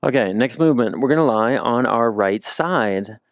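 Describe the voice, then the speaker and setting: A man's voice: mid-range voice, expressive, normal speed, dry recording. Joking man guiding floor exercises. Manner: joking, self-mocking asides while demonstrating. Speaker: movement instructor. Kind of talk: guided exercise instruction. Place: indoors on the floor. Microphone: handheld or clip mic he keeps moving.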